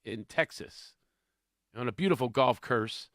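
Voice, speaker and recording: A man from Philadelphia with a Philadelphia accent, a comedian telling animated jokes in a radio studio. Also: mid-range voice, moderate pace, no echo. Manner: animated joke-telling, acts out voices. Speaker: comedian guest. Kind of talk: radio studio banter, storytelling.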